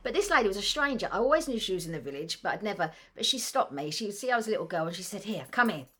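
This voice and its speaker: A woman's voice: medium pitch, very animated, rapid-fire, fairly bright tone, slightly rough. A woman podcast co-host telling a childhood memory in a fond, rambling way, often restarting her sentences.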